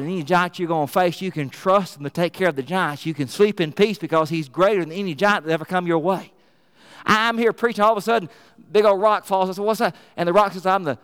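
A man preaches a lively, emphatic sermon spiced with folksy asides. His voice sits high and comes through smooth and clear. The sound rings out with a long reverb from a church sanctuary.

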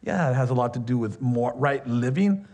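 A man preaching a sermon as pastor, talking conversationally with laughs, fillers and quick asides. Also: mid-range voice, expressive, darkish tone.

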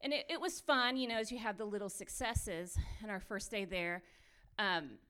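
A woman telling her own mission trip story with lively, run-on phrasing, laughing often as she goes. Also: medium pitch, normal speed, smooth. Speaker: missionary sharing testimony. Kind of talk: animated personal storytelling.

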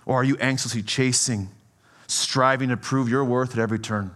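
Male pastor, bright and tense tone, animated conversational preaching. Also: medium pitch, normal speed. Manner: conversational, often asks "right?"; animated, swings between soft and emphatic. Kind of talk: sermon.

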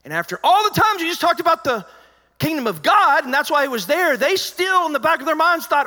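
High, bright-voiced preacher in a big hall. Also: male voice, quick pace. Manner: animated, conversational preaching with acted-out quotes and dropping to a hushed voice. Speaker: pastor. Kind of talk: sermon. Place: large church auditorium. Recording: reverberant church hall.

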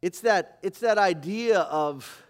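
A man preaching a sermon as pastor, animated, moving from loud emphasis to quiet asides. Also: sits high, takes it slowly. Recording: live church service.

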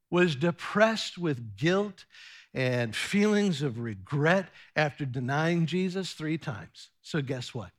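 Slow, bright-voiced preacher man. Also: high-pitched. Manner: slow, earnest preaching with fillers and restarts. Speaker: pastor. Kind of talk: sermon.

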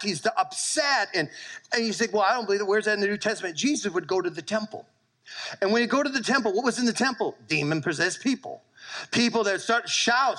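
Bright-voiced animated preacher man. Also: high voice, low-quality recording. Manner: animated storytelling preacher, calls for amens. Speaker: pastor. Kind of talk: sermon.

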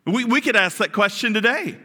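A man's voice: high-pitched, expressive, a little fast, sharp tone. A male pastor preaching a sermon in a conversational way, asking the congregation questions. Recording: reverberant hall.

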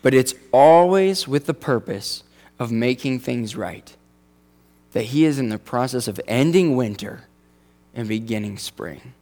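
A man's voice: mid-range voice, animated, measured pace, dark tone. Male pastor, mid-range voice, casual sermon delivery with humorous asides. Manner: conversational, jokey asides.

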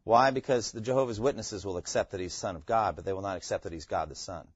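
A man's voice: lowish voice, quick pace, husky, no echo, highs cut off. Man teaching a Bible class. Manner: asks the class questions and repeats key phrases.

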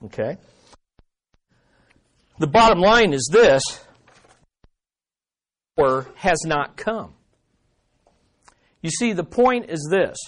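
A man preaching a sermon to his congregation, moving from loud emphasis to quiet, earnest asides and asking the listeners rhetorical questions. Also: a little high, expressive, drawn-out words, long pauses. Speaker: pastor.

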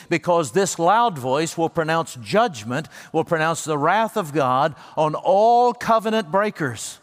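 Earnest preaching man in a reverberant hall. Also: on the high side. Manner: earnest preaching, slow emphatic phrases rising for quoted words. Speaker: pastor. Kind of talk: sermon.

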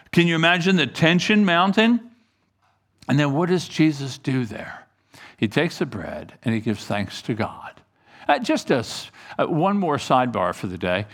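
A man preaching a sermon as pastor, animated and folksy, acting out short bits of dialogue. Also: a little high.

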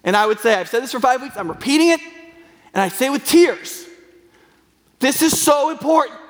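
A man's voice: extremely high pitch, animated, normal speed. A man preaching a sermon as a pastor, earnest and conversational, with frequent fillers and restarts. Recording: long hall reverb.

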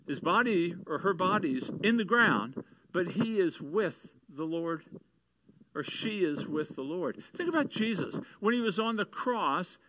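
A man's voice: high voice, animated, measured pace, fairly bright tone, a little hiss or hum, rough recording. A man preaching a sermon, reading scripture and building to taunting, emphatic peaks. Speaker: pastor.

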